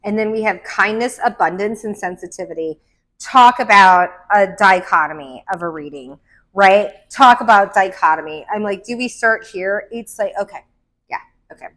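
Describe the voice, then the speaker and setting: A woman giving a casual tarot card reading at home, rambling and excitable, with gasps and laughs between her thoughts. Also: medium pitch, normal speed. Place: indoor room. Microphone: camera mic.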